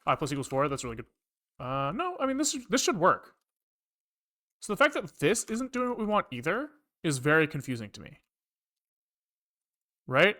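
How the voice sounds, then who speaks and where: Swearing live-coder with a lively voice. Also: mid-range voice, normal speed, pauses often. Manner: muttering code aloud, frequent frustrated swearing. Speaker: programmer streaming live coding. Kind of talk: live coding, thinking aloud.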